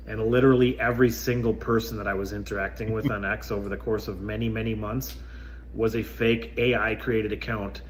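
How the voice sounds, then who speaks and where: A man's voice: lowish voice, fairly bright tone, a little hiss or hum, poor audio. A man giving an earnest, solemn monologue to camera in a played video clip.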